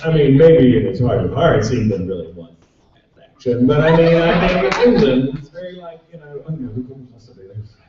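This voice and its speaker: A man speaking on a convention panel, chatty and laughing, with quick asides. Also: mid-range voice, expressive, crowd noise. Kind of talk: casual panel talk to fans. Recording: echoey hall from far off, dull.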